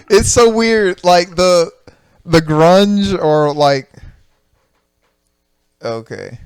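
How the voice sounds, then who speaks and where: A Southern American man chatting on a comedy podcast in a relaxed, joking way. His voice sits a little high and sounds smooth and resonant. The recording is close and dry. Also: dry recording. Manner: relaxed, joking, laughs a lot, acts out quotes. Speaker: podcast co-host. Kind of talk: casual chat.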